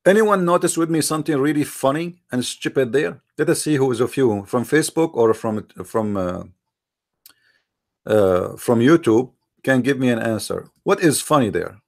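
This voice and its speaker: A man's voice: mid-range voice, lively intonation, normal speed. A man hosting a live-streamed religious debate, speaking with a mocking, argumentative tone, firing rhetorical questions at his viewers in non-native English grammar.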